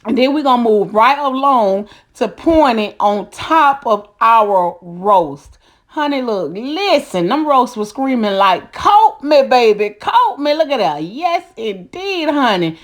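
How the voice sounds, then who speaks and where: A woman's voice: on the high side, lively intonation, measured pace. A middle-aged woman hosting a casual cooking vlog, folksy and chatty, calling her viewers honey and baby. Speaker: cooking channel host.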